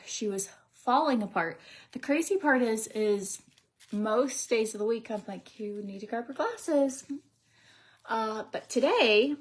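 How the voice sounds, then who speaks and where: A woman's voice: a little high, husky. A woman in her thirties doing her makeup on a livestream, chatting in a rambling, casual way and often dropping to a near whisper. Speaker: beauty vlogger. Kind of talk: casual get-ready-with-me livestream chat.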